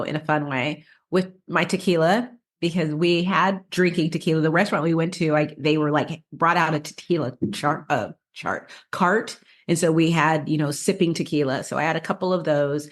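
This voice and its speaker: Chatty low-voiced woman podcaster. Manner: chatty storyteller with frequent restarts and laughs. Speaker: podcast co-host. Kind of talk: casual podcast chat.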